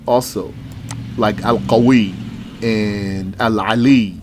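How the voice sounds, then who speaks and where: Speaking a little slowly in a fairly low, steady voice, a man leads a religious studies class. It's a slow recitation: he reads a list entry by entry and offers short explanatory remarks along the way.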